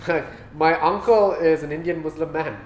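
A man's voice: on the high side, normal speed, a crowd in the background. Joking man in an echoey room. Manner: joking, laughs often, trails off and restarts. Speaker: podcast guest. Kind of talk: casual chat. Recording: echoey room, faint hum.

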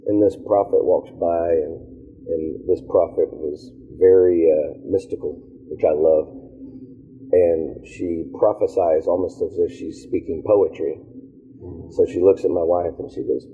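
A man telling stories of his ministry in a casual interview, animated and quick to laugh. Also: sits low, breathy edge. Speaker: worship leader guest. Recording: tinny phone-like line.

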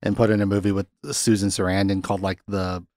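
A man's voice: sits low, level tone, fast talker, a little mellow, no room sound. Laughing man, dry close mic. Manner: laughs often, puts on voices when quoting people. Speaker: podcast co-host. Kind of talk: casual chat.

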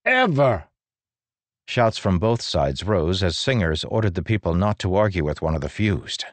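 A man doing scripted narration of an audiobook in a steady, unhurried way. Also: deep voice, dry recording.

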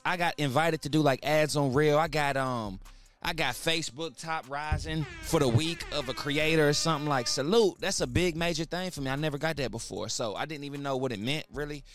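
A man hosting his own podcast in casual, hyped talk, heavy on slang and repeating words for emphasis. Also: a little high. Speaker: podcast host.

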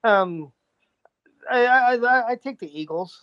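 A man in a casual sports podcast chat, halting and full of restarts, with dry, deadpan mockery. His voice is mid-pitched and the sound is dry and a little muffled. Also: dry recording. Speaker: guest co-host, comedian.

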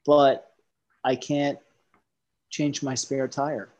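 A man in a casual podcast conversation, telling animated stories and jumping from topic to topic. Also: medium pitch, very slow, highs cut off. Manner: animated storyteller who jumps between topics.

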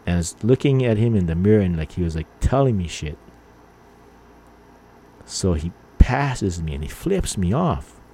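A man's voice: sits low, sing-song, normal speed, pauses often, warm tone, a little hiss or hum. A middle-aged man from Hawaii hosting a podcast, rambling through stories with lots of fillers and acting out angry lines. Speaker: podcast host. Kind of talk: casual storytelling monologue.

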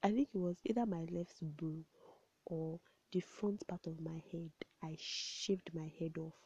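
A young woman rambles through stories to her camera, now and then sinking into quiet asides. Her voice sits low and dark, with a gravelly, husky edge. The recording is dry and a little dull. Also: measured pace, no room sound. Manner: chatty, rambling, laughs often, drops to soft asides. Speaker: vlogger. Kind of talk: casual storytelling to camera.

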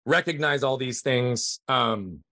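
A middle-aged man telling a family story as a podcast guest, earnest and emphatic. His voice sits at an ordinary pitch for a man. The sound is dry and close, with no room echo. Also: takes it slowly, bright, forceful tone. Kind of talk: personal storytelling in conversation.

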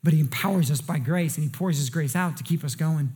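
A woman pastor preaching a sermon in an earnest way, often restarting and repeating words, and sinking low and quiet on key words. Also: fairly quick. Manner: drops pitch and volume for emphasis.

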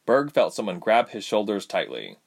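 A man's voice: fairly low pitch, wildly swooping pitch, normal speed, creaky. A man reading a fantasy story aloud as narrator.

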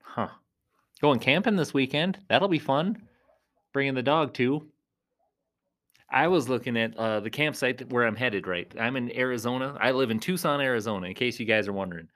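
A man who works as a clown entertainer, chatting casually and playfully in a rambling vlog, often jumping into high silly tones. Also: moderate pace, a bit bright.

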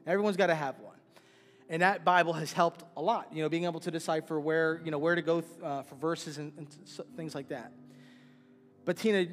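A man with a fairly high voice, the church's pastor, prays earnestly and then pays farewell tribute to a departing member, fighting back tears. His delivery is emotional and he repeats phrases. The sermon prayer takes place in a church sanctuary with big-room sound.

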